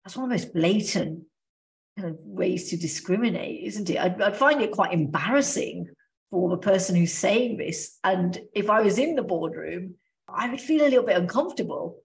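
Low gravelly woman. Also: lively intonation, normal speed. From Australia. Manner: thoughtful, talks through ideas with restarts. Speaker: podcast co-host. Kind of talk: casual podcast chat.

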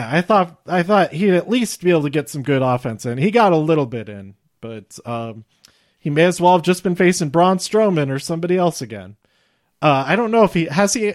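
A young man hosting a casual solo podcast, rambling and chatty with lots of fillers and little laughs. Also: fairly high pitch. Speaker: podcast host reviewing wrestling shows.

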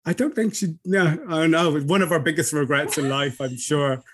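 A man's voice: on the high side, moderate pace, a crowd in the background. Young man telling a story. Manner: laughing storyteller. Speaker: podcast co-host. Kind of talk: casual storytelling chat.

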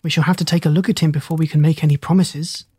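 A calm, careful country doctor, as a storybook reader plays him, measured and reasonable. The voice is slightly breathy and recorded close. The sound is dry, with no reverb. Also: mid-range voice.

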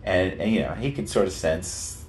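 An older man who sings in a rock band, telling a story to an interviewer in a relaxed chat and slipping into other people's voices. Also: sits low, normal speed, slight background noise. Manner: animated, breaks into voices of people in his stories. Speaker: lead singer, interview guest. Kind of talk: casual storytelling.

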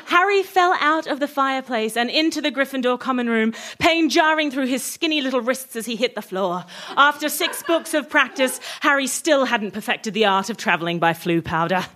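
A woman's voice: high voice, animated, moderate pace, few pauses, bright, forceful tone. A woman doing a comic, giggly reading of a parody story. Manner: giggly, playful. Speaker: reader.

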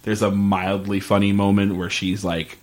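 A man's voice: on the low side, normal speed. Guy on a podcast going over a tv episode, lots of likes and ums, voice jumps up when quoting people. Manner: animated retelling with filler words, quotes characters in a lively voice. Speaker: podcast co-host recapping a TV episode. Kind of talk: casual chat.

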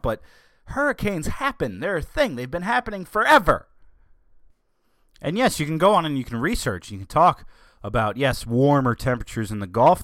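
A man's voice: medium pitch, fairly bright tone, no room sound, studio quality. A man giving opinionated commentary in a sarcastic, ranting way, reading out news along the way. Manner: reads news article aloud. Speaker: political commentator.

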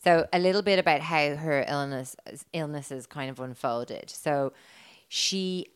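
A low-pitched woman co-hosting a casual podcast, chatty and giggly as she tells the story. She swears freely and keeps talking at an easy conversational clip. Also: measured pace, clear, resonant tone. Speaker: podcast co-host telling the story.

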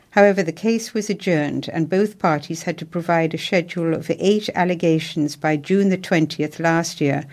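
Woman reading news, lowish voice. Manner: steady, formal news reading. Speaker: news reader. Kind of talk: read news headlines and court report.

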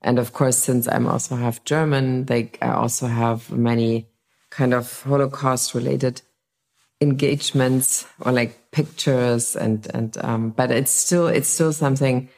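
A woman interviewer chatting casually, curious and quick to laugh. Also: rumbling low, fairly even intonation, a little mellow.

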